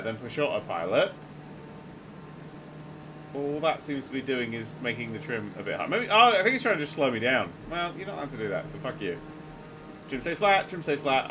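A man giving excitable, sweary, laughing running commentary while playing a game. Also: mid-range voice, noisy background. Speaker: gaming video host. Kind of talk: casual let's-play commentary.

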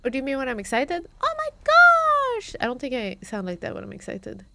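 A woman's voice: on the high side, fast, gravelly, very noisy. A woman streamer chatting casually and reacting aloud as she plays a game live. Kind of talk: live gameplay commentary.

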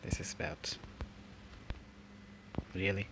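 A man's voice: slow pace, very noisy. A young man commentating his football video game in frustration, swearing often and grumbling. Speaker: gaming channel host.

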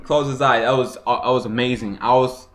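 A young man giving a casual, excitable recap of a boxing fight, swearing often and acting out punches with sound effects. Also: medium pitch, brisk. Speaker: boxing vlogger.

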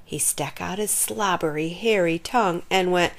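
A woman reading a children's picture book aloud in an expressive storytelling manner. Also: lowish voice, moderate pace, creaky. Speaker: storybook reader.

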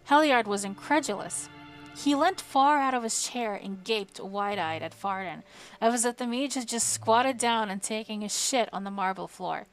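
A woman's voice: a little high, moderate pace, faint music behind. Woman reading a fantasy audiobook aloud. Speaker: audiobook reader on a live stream. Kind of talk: audiobook narration. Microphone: home streaming microphone.

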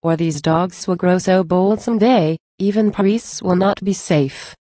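A woman's voice: lowish voice, measured pace, dark tone, no room sound, studio quality. A woman reading the lines of a fat, angry male abbot who barks orders in a recited poem. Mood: furious. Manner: barking orders.

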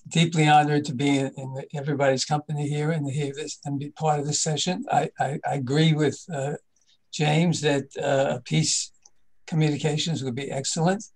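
A man who has been listening joins the panel talk, speaking haltingly with many pauses and fillers. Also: a little high, level tone, darkish tone, rough recording. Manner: hesitant, many ums and uhs. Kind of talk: panel discussion.

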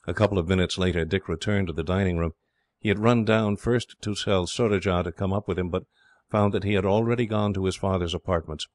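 A man narrating an audiobook in a steady, measured way, close to the mic. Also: low-pitched, no room sound. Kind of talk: scripted narration.

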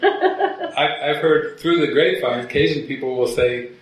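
A man's voice: medium pitch, big pitch swings, a little fast, a bit bright. A man, a spiritual teacher, telling stories to a gathering and often laughing at his own jokes. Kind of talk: talk to a gathering. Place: meeting hall at a gathering. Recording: very echoey room, voice from far off.

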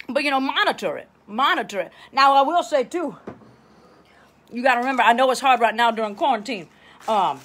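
A woman plays a middle-aged Southern hostess with a Louisiana drawl, handing out bossy life tips on a comedy livestream. Her voice sits high, and she chatters in loose tangents, checking in with her viewers. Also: a bit bright. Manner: chatty, bossy, tangents, keeps asking okay. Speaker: host of a live advice show.

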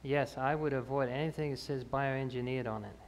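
A man with a gravelly, creaky voice explains answers after a health talk, pausing on fillers and restarting his sentences. His voice rings through a reverberant church hall over a faint background hum. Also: medium pitch, steady tone. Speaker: health speaker.

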